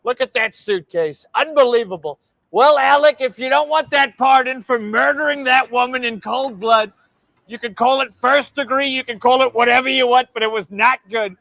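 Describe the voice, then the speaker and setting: This is a smug older president done by a young man who brags over and over. The voice sits very high with a gravelly edge. It is recorded close and dry. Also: normal speed, a bit bright, no echo, heavily acted, poor audio. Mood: boastful. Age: young adult. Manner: repetitive boasting, stretched emphasis. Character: boastful older male president, brash and smug.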